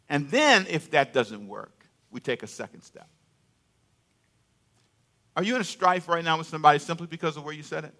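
A man's voice: on the high side, bright, forceful tone. An older man preaching a sermon in a conversational way, repeating phrases and getting the congregation to answer him aloud.

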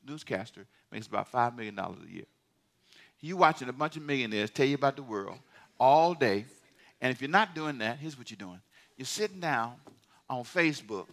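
A male pastor preaching in a church, his voice bright and forceful and a little higher than most men's. He swings between loud, emphatic outbursts and quiet, confiding asides, talking to the congregation like he's chatting with them. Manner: animated preaching, swinging from shouts to near-whispers, conversational asides. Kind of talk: sermon. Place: church sanctuary.

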